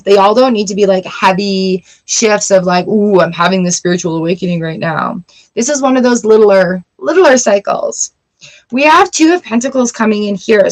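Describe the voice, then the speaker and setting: A woman's voice: on the high side, low-quality recording. Chatty woman giving a live tarot reading. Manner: chatty, encouraging, acts out little inner voices. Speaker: tarot reader.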